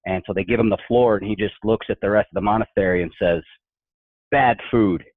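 A man with a fairly low voice talks fast, telling funny workplace stories in a casual podcast chat. He brings the anecdotes to life by acting out each quoted voice, heard through a dry, tinny, phone-like connection.

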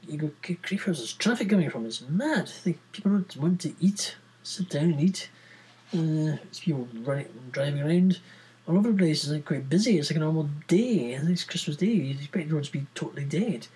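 A man's voice: a little high, warm tone, slightly rough, low-quality recording. A man hosting a podcast on his own, chatting casually in a rambling, jokey, self-mocking way. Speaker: podcast host. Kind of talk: casual solo podcast chat.

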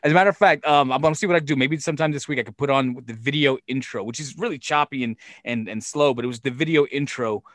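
A man hosting a podcast, telling a story in casual chat, animated and profane, acting out scenes as he goes. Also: mid-range voice, fast talker, hardly any pauses, no room sound, clean studio sound.

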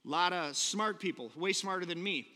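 A man's voice: high voice, moderate pace, sharp tone. A man preaching a casual, conversational sermon to his congregation, talking informally and often correcting himself mid-sentence. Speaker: pastor. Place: church sanctuary. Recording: long reverb in a church hall.

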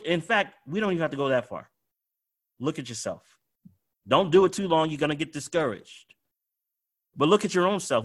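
Male preacher, slightly high-pitched, emphatic sermon delivery with swelling repetitions. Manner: emphatic, swings from soft to loud with repetition.

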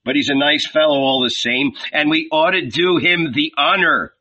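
A man's voice: a little high, moderate pace, bright, forceful tone, recorded from a distance. A man reading a novel aloud, voicing an easygoing, tipsy male fisherman disciple who grumbles and banters heartily. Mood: hearty. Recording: dull lo-fi recording.

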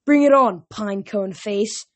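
A woman voicing a hot-headed teenage boy demigod who shouts back defiantly, in a storybook reading. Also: mid-range voice, animated, fairly quick, husky. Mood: angry defiant.

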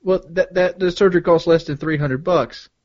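A man with a fairly high voice speaks in a matter-of-fact, slightly halting way on a casual podcast. The sound is dull and lo-fi. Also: fairly even intonation, darkish tone. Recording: dull lo-fi recording.

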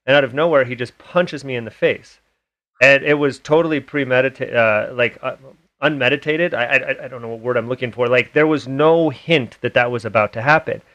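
A man's voice: mid-range voice, a little fast, fairly bright tone, muffled recording. A man hosting a podcast, telling a personal story candidly and swearing freely in casual conversation. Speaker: podcast host.

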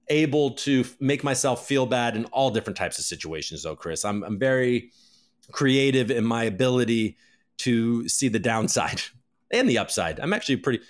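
A man hosting a live crypto news show, talking casually, joking and laughing often, with loud bursts and muttered asides. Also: medium pitch. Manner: animated, joking, quick to laugh; swings between loud bursts and mumbled asides. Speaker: host.

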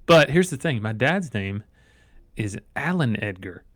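A man's voice: medium pitch, a little slow, dry recording. Podcast co-host: middle-aged man, chatty storyteller with dry close sound. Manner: joking, animated storyteller. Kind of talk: casual chat.

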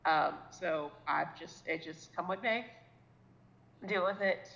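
A woman's voice: fairly low pitch, takes it slowly, creaky, a bit bright. Rambling woman in her thirties, lo-fi. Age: 30s. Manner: rambling, self-deprecating, swears freely. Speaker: podcast co-host. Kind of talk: casual chat.

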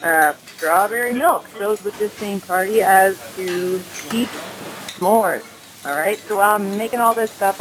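A woman's voice: medium pitch, poor audio. A woman hosting a recurring cooking segment, chatting in an upbeat, casual way.

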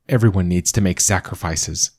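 A man narrating a first-person story in a calm, measured reading voice. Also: sits low, no echo.

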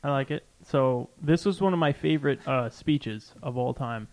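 A man's voice: medium pitch, darkish tone. A man hosting a game-trivia quiz on a casual podcast, running the bets and reading out a quote. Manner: hosts a betting quiz, reads a quote aloud slowly. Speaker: quiz host.

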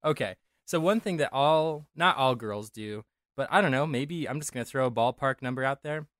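A man's voice: mid-range voice, moderate pace, a bit bright, no room sound, clean studio sound. A young man from Denver co-hosting a casual podcast chat, rambling and correcting himself as he jokes. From Denver, USA. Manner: rambling, self-correcting, jokey. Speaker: podcast co-host.

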